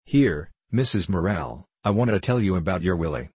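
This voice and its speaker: A man's voice: sits low, lively intonation, moderate pace, darkish tone, husky, no room sound. A man voicing a thin, quarrelsome neighbour woman who scolds sharply in a broad dialect. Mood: scolding.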